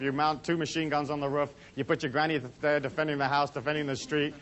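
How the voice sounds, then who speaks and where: A man giving a casual lecture to a live audience, rambling and chatty with many asides. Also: fairly high pitch. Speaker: seminar speaker.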